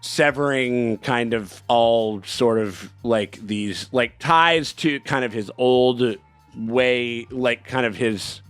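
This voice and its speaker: A man's voice: mid-range voice, takes it slowly, fairly bright tone, clean tone, no room sound, soft background music. A man co-hosting a casual TV reaction chat, talking loosely with many fillers and restarts, and swearing freely. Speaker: co-host reacting to a TV episode.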